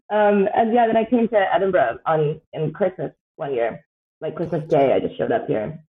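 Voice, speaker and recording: Her low, expressive voice moves a little slowly as this thirty-something Canadian woman chats on a podcast as a guest. The talk wanders, packed with fillers and laughs, and the audio sounds thin, like a phone call.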